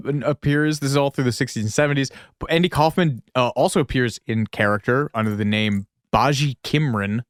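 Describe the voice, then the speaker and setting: A man's voice: medium pitch, a bit bright, no echo, clean studio sound. A man co-hosting a podcast, chatting casually and reading out facts with joking asides. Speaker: podcast co-host.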